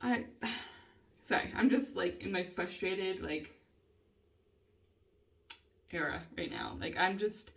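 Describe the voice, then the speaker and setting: A woman's voice: fairly low pitch, expressive, takes it slowly, vocal fry, long pauses, fairly bright tone, recorded from a distance. A woman vlogger venting in a rambling, casual way, swearing heavily and laughing often between thoughts. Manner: rambling, heavy swearing, frequent nervous laughter.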